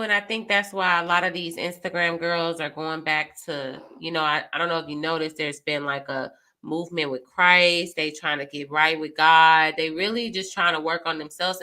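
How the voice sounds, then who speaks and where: Female co-host, low bright voice, candid casual talk. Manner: candid, reflective, emphatic. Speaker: podcast co-host. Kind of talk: casual chat.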